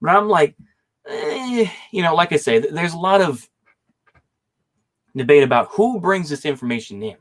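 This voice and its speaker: A man's voice: fairly high pitch, lively intonation, moderate pace, long pauses. Guy rambling thru his debate points, lots of hedging and trailing off. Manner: rambling and hesitant, hedging often. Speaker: debate guest. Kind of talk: online political debate.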